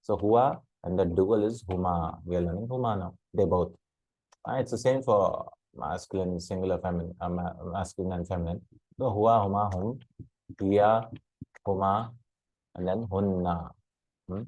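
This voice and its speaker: A man with a very low voice teaches a recorded lesson. He is patient, repeats each word and checks in with short questions. The sound is dry and close, with no room echo. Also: moderate pace, a little mellow, highs cut off. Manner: patient, repeats words, asks "hmm?" and "right?". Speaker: Arabic teacher.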